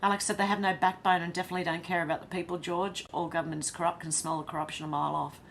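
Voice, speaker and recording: Australian woman host, slightly low voice, chatty live-chat reading, faint hiss. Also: little pitch movement, very fast, creaky, a bit bright. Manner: chatty, reads comments aloud and reacts with laughs.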